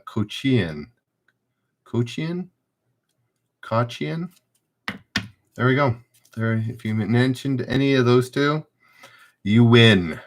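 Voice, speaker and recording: A man's voice: medium pitch, fairly bright tone. A man hosting a live-streamed trivia game, reading questions aloud and chatting loosely with viewers.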